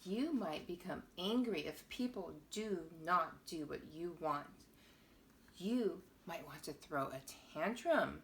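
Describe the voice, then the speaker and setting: A woman reading a children's picture book aloud to young viewers, with a playful, expressive storytelling manner. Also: on the low side, slow.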